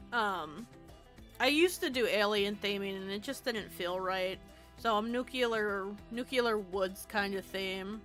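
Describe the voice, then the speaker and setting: Faint game music plays behind a young woman who streams while building in a game. Her medium-pitched voice has a sharp edge as she rambles, puts herself down, and swears freely.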